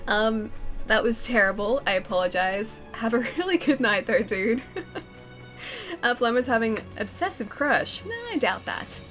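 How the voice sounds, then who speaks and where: A woman's voice: fairly high pitch, animated, measured pace, fairly bright tone, soft background music. A woman with a cold and a nasal voice, chatting casually with viewers on a live stream, giggly and self-deprecating, on a close mic with a pop filter in a home gaming room. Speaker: game streamer. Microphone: close studio mic with pop filter.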